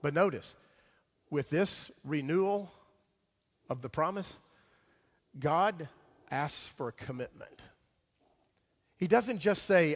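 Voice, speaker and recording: A male pastor preaching a sermon, emphatic, swinging between loud declarations and hushed asides. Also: on the high side, animated, unhurried, pauses often. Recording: long hall reverb.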